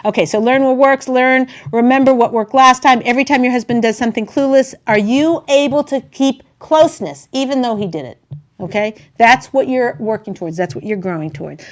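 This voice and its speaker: A woman hosting a talk show, giving relationship advice in a chatty, animated way and loudly acting out the people she quotes. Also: fairly high pitch, a little fast.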